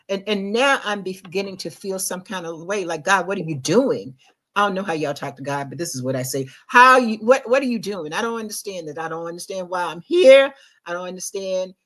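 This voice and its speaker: A middle-aged woman with a slightly low voice delivers an inspirational faith talk as a podcast host. She speaks in an emphatic, confiding way, pressing hard on some phrases and dropping to near-quiet reflection on others. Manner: emphatic and confiding, swinging between loud urgency and quiet reflection.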